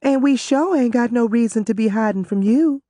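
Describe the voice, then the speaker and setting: A man voicing a defensive, sharp-tongued young woman with high, pointed dialect speech. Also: moderate pace, no echo, studio quality.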